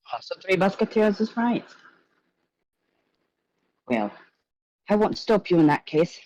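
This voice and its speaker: Woman voicing a tall male drag host with a wobbly Irish lilt, flirtatious, calls everyone darling; lively, high swoops. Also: slow, no echo, low-quality recording. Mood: teasing. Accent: attempted Irish. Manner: sultry, teasing, calls people darling.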